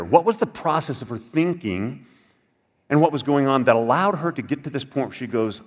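An older man preaching a sermon in a conversational way. He asks the listeners questions and drops into soft, quiet passages. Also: mid-range voice, expressive, normal speed. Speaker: pastor.

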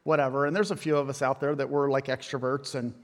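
A man in his thirties preaching a sermon, loud and animated, telling stories with self-mocking humor. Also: mid-range voice, fast. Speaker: pastor. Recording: long hall reverb.

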